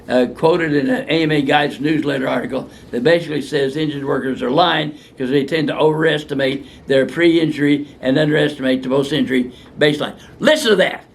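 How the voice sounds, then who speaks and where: Speaking with a gravelly, fairly bright voice on the high side, an older doctor answers audience questions off the cuff. His answers are blunt, heated, and full of profanity, stretching into long rants.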